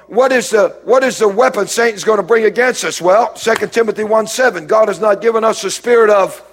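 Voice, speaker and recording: A man preaches a sermon as a pastor. He drops low and quiet, then rises into emphatic, raised lines.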